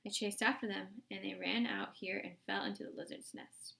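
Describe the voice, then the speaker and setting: A woman's voice: mid-range voice, fairly even intonation, normal speed, vocal fry, bright, forceful tone. Woman reading as a defensive lying camp warden. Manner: defensive, excuse-making.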